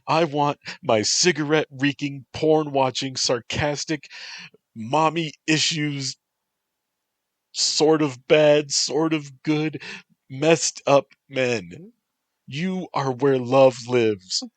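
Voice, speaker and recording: A man's voice: fairly low pitch, a bit bright, no room sound, voice pushed up. A man voicing an emotional young woman who pleads, cries and lashes out. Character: volatile, heartbroken young woman actress.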